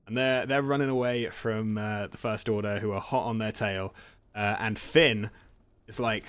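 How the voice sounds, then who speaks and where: A man's voice: lowish voice, steady tone, normal speed, a bit bright, clear, resonant tone. A man casually retelling film plots from memory while playing a game. He rambles, jokes and laughs often. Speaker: gaming channel host.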